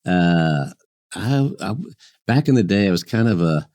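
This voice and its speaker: A deep, mellow-toned man spinning an easygoing tale with a chuckle here and there. He talks like a chef guest on a chat show and keeps restarting his thoughts. His voice comes through dry and close. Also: animated, measured pace, dry recording. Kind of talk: anecdotal storytelling in conversation.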